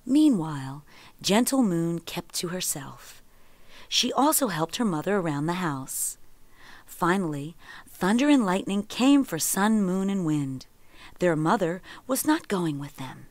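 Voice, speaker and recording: A woman narrating a children's storybook in a gentle, expressive read-aloud manner. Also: lowish voice, unhurried, dry recording.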